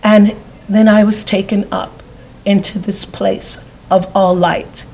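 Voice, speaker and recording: A woman's voice: mid-range voice, flat delivery, takes it slowly, darkish tone, rough recording. A woman giving a personal testimony as an interview guest, earnest, often repeating phrases for emphasis.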